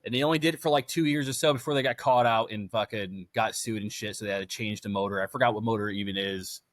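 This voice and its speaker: A man chatting on a motorcycle podcast, telling stories quickly with plenty of swearing. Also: on the low side, no room sound, studio quality. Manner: fast, profane storyteller, mimics others in quoted dialogue. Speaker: podcast co-host. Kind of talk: casual chat.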